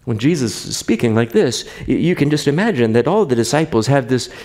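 A pastor preaching a sermon, rising for rhetorical questions and dropping soft when reading scripture. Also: male voice, mid-range voice, expressive, fairly quick.

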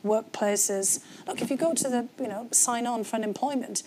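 A woman's voice: on the high side, normal speed, warm tone, a little hiss or hum. A woman with a North East English accent, a guest in an interview, telling her story candidly with frequent fillers. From North East England. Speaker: guest, former government official. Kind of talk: conversational interview.

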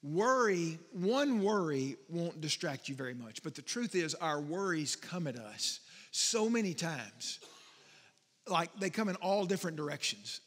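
Man preaching in a church, high pitched, chatty, slows down on big words, lots of reverb. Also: animated, a bit bright. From Texas. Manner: conversational, asks congregation questions, stretches key words slowly. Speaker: pastor. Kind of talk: sermon. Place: church sanctuary.

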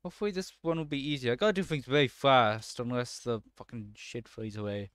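A man's voice: mid-range voice, lively intonation, brisk, few pauses, clean tone, dry recording, studio quality. A man doing let's-play commentary, swearing and breaking into frustrated outbursts at the game.

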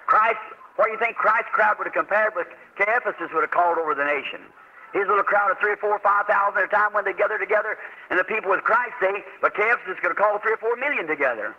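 A man's voice: sits high, quick pace. A man, preaching a sermon in a folksy, emphatic manner on a dull old tape recording.

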